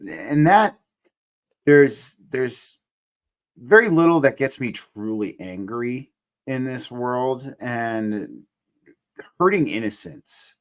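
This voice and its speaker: A man's voice: mid-range voice, expressive, slow, long pauses. A man hosting a casual talk show, responding emphatically and with sympathy. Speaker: host. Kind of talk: casual chat.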